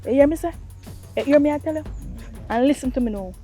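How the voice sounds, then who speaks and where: A woman's voice: high voice, fast talker, mellow, soft background music. A woman with a Jamaican accent playing a big sister who lectures her brother on abuse, talking in emphatic, preachy patois. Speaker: big sister giving advice. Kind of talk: Jamaican comedy-drama skit.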